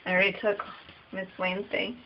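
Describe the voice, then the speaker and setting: A woman's voice: medium pitch, completely flat delivery, brisk, a little hiss or hum. A woman vlogging at home, chatting casually and cooing baby talk to her pet dogs in a hallway. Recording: dull lo-fi home camera audio.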